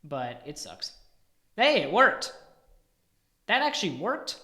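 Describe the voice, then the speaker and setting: A man's voice: high-pitched, sing-song, slow, long pauses, sharp tone. A man live-streaming as he codes, thinking aloud and muttering in exasperation, sometimes dropping almost to a whisper. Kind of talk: thinking aloud while coding. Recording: roomy echo.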